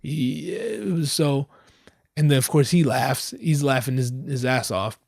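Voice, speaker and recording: A man hosts a podcast and tells a comic story, full of swearing and street slang. His voice sits at an ordinary middle pitch. It shoots up in loud bursts, then drops into low, quiet asides. The sound is close and dry, with no room echo. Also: unhurried, gravelly. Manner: profane, slangy and animated, swinging between loud outbursts and low asides. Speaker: podcast host.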